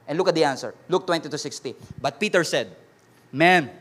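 A man's voice: a little high, fairly quick, a bit bright. A man with a Filipino accent preaching a sermon, mixing Tagalog and English and acting out quoted voices dramatically. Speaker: pastor.

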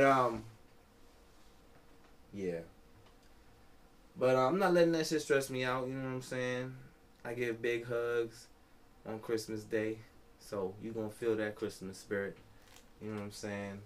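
A tipsy man hosting a podcast, rambling casually and profanely, with a constant "you know what I'm saying.". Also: medium pitch. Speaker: podcast host.

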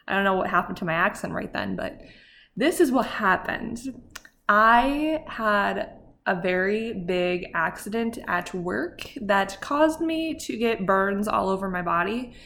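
Young woman, podcast host, casual chat, rambling, filler-heavy, mid-pitched voice, faint background hiss. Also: gravelly. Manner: rambling, chatty storytelling full of "like".

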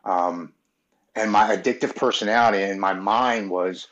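A man from Maryland, a podcast guest, telling his own recovery story in an earnest, halting, emotional way. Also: lowish voice, a bit bright. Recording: dull, muffled audio.

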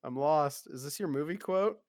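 A man co-hosting a podcast in casual chat, halting with fillers and laughing easily. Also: on the high side, animated, darkish tone, dry recording, clean studio sound. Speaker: podcast co-host.

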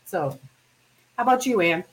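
A woman's voice: mid-range voice, animated, normal speed. A woman in her fifties, co-hosting a podcast, talking in a reflective casual way and searching for words. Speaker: podcast co-host.

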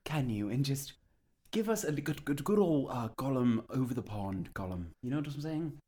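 A man's voice: medium pitch, lively intonation, normal speed, dark tone, breathy edge. A man co-hosting a casual chat podcast, playful and theatrical. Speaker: podcast co-host.

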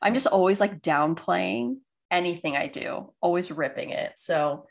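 Female co-host with a lower voice, casual and self-deprecating. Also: animated, unhurried, vocal fry. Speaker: podcast co-host. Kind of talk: casual chat.

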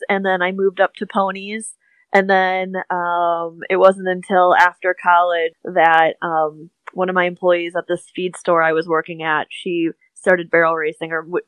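Young woman, low monotone, casual and unhurried storyteller, dry sound. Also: no room sound. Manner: relaxed storytelling with hesitant fillers. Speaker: podcast guest, tack maker. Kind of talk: casual interview chat.

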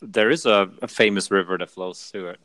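A man's voice: lowish voice, fairly quick, fairly bright tone, no room sound. A man co-hosting a podcast, teasing the others in a dry way. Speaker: podcast co-host. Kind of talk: casual chat.

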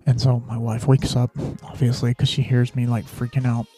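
A man's voice: mid-range voice, level tone, normal speed, dark tone, breathy edge. A man hosting a podcast, telling a personal story in a rambling, casual way, full of fillers and restarts. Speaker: podcast host.

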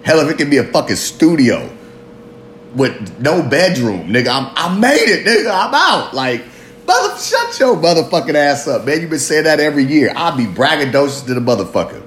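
A man's voice: on the high side, sing-song, moderate pace, a bit bright, slight background noise. Rambling, profane man in his thirties. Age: 30s. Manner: rambling, profane, self-mocking, laughs often. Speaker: podcast host. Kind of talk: confessional solo monologue. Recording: roomy echo.

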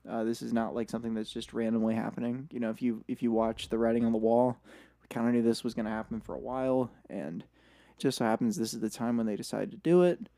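A man's voice: mid-range voice, fairly even intonation, fast talker, gravelly, dark tone. A young man hosting a podcast in casual chat, rambling with fillers and repeated words. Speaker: podcast host.

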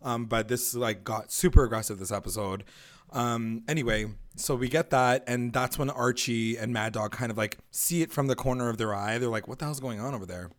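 A podcast co-host casually recaps a TV episode, laid-back, sprinkling in "like" and swearing freely. He speaks at a normal speed in a mid-range voice with fairly even intonation.

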